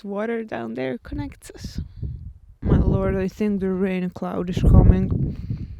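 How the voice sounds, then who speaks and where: A woman's voice: mid-range voice, fairly even intonation, slow, vocal fry, muffled recording. A young woman from Croatia vlogging outdoors on a hilltop, chatting emotionally to her camera and laughing through tears. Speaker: travel vlogger. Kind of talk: casual vlog talk to camera. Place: outdoors on a windy island hilltop. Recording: loud wind and outdoor noise.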